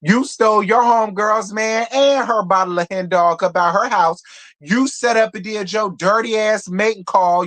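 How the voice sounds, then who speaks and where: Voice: mid-range voice, fairly bright tone. A reality TV review host giving a live recap, blunt and profane, repeating points for emphasis and talking straight to viewers. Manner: talks straight to viewers, calls them girl and y'all.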